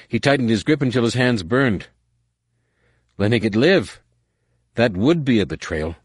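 A man reading a dramatic story as narrator, measured, with slow emphatic pauses. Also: low voice, no echo, clean studio sound. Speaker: audiobook narrator. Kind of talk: scripted narration.

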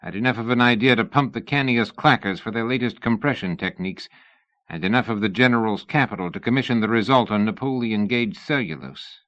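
A sly, smug young dandy, as a male narrator puts him on, smooth-talking and pleased with himself. The voice sits fairly low and the audiobook recording is dry, with a slightly dull, muffled tone. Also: brisk, a bit bright, dry recording, close to an everyday voice. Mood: cocky.

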